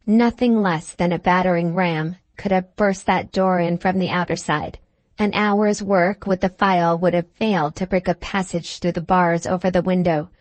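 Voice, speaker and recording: Brief: low-pitched woman narrator, measured dramatic reading, dry close-mic audiobook. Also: steady tone, no room sound. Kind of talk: scripted narration.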